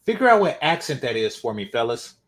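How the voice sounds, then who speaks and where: A man's voice: mid-range voice, sing-song, fast talker. A man hosting a reaction commentary, sarcastic and mocking. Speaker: commentary channel host.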